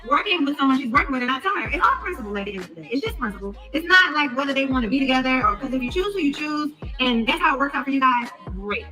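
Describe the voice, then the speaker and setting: A woman podcaster telling a story in a casual rant, animated, acting out the lines of the people she quotes. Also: high voice, racing, hardly any pauses, soft background music, rough recording. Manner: animated, acts out quoted dialogue. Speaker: podcast host.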